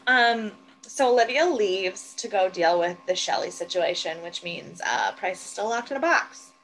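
A woman's voice: mid-range voice, very animated, moderate pace, a bit bright, soft background music, poor audio. A woman co-hosting a podcast, chatting casually as she recaps TV scenes, swearing freely and acting out the lines she quotes. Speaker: podcast co-host.

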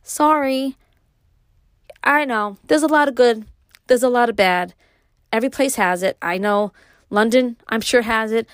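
A middle-aged woman with a Brooklyn accent hosting her own podcast, talking alone in a casual, rambling way with many pauses and restarts. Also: on the high side, clear, resonant tone, no echo, studio quality. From New York. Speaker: podcast host. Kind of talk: casual solo podcast monologue.

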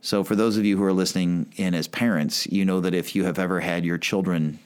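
A man with a deep, low-pitched voice delivers a sermon. He keeps it conversational, with plenty of "like" and self-corrections, as though chatting with his listeners rather than orating. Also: fairly even intonation, brisk, clear, resonant tone. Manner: conversational preaching with frequent "like" and restarts. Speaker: pastor.

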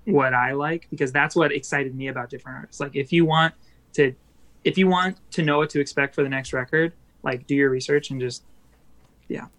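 Rambling young man, mid-pitched and chatty. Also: fairly bright tone. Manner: rambling, upbeat, lots of fillers and restarts. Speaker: musician guest. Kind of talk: casual podcast interview.

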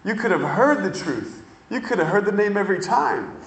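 A man preaching a sermon, telling stories in an animated way and drawing out words for emphasis. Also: sits high, roomy sound, poor audio. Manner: animated storytelling with drawn-out emphasis.

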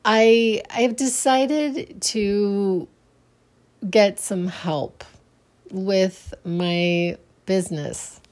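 A woman rambling casually on her own podcast late at night, sleepy and halting, restarting her sentences again and again. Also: medium pitch, a little mellow. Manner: halting, many restarts and trailing fillers. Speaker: solo podcaster and small business owner. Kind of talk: casual solo podcast monologue.

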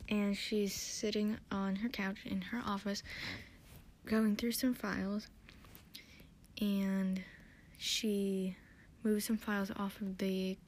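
A woman's voice: mid-range voice, little pitch movement, takes it slowly, a little mellow, slight background noise. A tired woman hosting a podcast, recapping an episode in a rambling, hesitant, self-deprecating way. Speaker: podcast host.

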